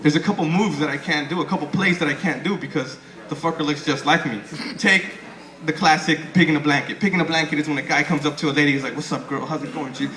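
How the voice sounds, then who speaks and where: A young man's stand-up set on a comedy club stage comes out fast and sharp-toned in a slightly high voice. He rambles, swears and stammers back into his sentences. The recording is echoey, with crowd noise and laughter from the audience.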